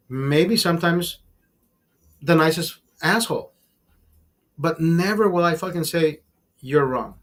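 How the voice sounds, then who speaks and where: On his casual livestream, a high-voiced male host rants with real emphasis and plenty of profanity. He often addresses listeners as brother and tends to repeat words.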